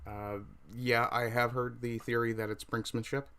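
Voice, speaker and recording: A man hosting a casual livestream, talking with frequent fillers and pauses, with a mic right under his chin. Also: mid-range voice, little pitch movement, a bit bright, smooth. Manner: hesitant, many fillers, reads chat aloud. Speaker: livestream host.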